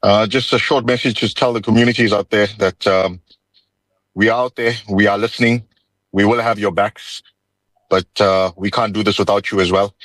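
A man speaking on a panel, giving a steady, reassuring appeal that occasionally rushes ahead. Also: fairly low pitch, no echo, poor audio. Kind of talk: panel discussion.

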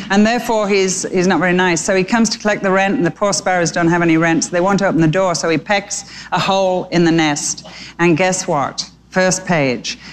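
A woman preaching through a story in a chatty, animated way. Her voice sits a little low, and she moves between explaining and narrating. A faint ambient hum stays behind her. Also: low-quality recording. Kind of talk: storytelling sermon.

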